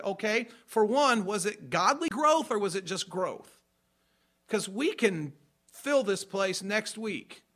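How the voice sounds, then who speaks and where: A man's voice: sits high, bright, forceful tone. A man preaching a sermon as pastor, emphatic, repeating his points and checking that listeners follow.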